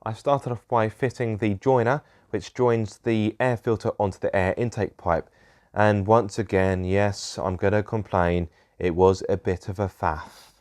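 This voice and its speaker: A man's voice: on the low side, steady tone, unhurried, darkish tone. A young man narrating his own car repair vlog, grumbling in a self-deprecating way about fiddly parts. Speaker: car vlogger. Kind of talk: casual DIY vlog narration.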